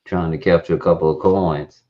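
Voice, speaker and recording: A man talks loosely through a live stream, rambling from one point to the next. His voice sits low, and the audio is dull and lo-fi. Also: steady tone, fairly quick. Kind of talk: casual chat.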